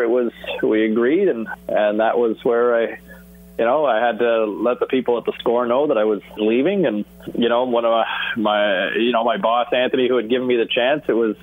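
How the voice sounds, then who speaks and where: A middle-aged man from Canada telling a story about his broadcasting career in a casual interview, acting out bits of dialogue. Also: medium pitch. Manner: animated, acts out phone dialogue. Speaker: sports broadcaster guest. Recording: tinny phone-like audio.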